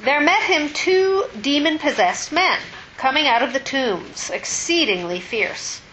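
Bright-voiced woman reading scripture aloud. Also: high-pitched, lively intonation, unhurried. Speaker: scripture reader in a Bible study. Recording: dull, faint hiss.

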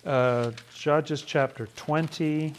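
A man's voice: fairly high pitch, fairly even intonation, slow, slight background noise. A man leading a casual Bible study, chatty and wry, often laughing.

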